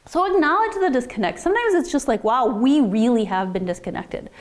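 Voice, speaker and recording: A woman's voice: fairly high pitch, animated, fairly quick. A middle-aged woman from Minnesota, a marriage therapist giving casual advice and acting out bits of everyday dialogue. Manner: chatty, acts out quoted dialogue.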